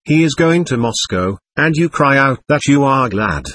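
A man's voice: medium pitch, lively intonation, normal speed, a bit bright, a little hiss or hum, natural voice. A man reading the part of an earnest young man in an audiobook, speaking in a breathless, broken way. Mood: distressed.

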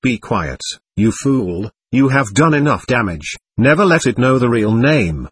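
A man's voice: mid-range voice, sing-song, unhurried, husky. A man voicing an authoritative occult physician in an audiobook, speaking in a clipped, commanding, lecturing way. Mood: stern. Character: authoritative male occult physician, brisk and stern. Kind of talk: audiobook character reading.

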